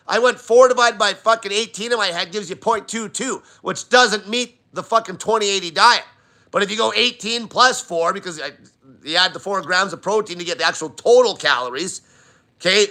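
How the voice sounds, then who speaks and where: A man's voice: sits high, pushed and bright. A man hosting a live diet Q&A, talking bluntly and swearing constantly in an emphatic rant. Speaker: diet channel host.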